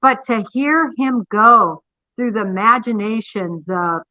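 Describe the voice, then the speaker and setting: A woman's voice: on the high side, measured pace, no echo. Woman analyst on a tinny remote line. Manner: analytical, emphatic, retells exchanges with mimicked quotes. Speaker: guest commentator. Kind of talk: conversational interview analysis.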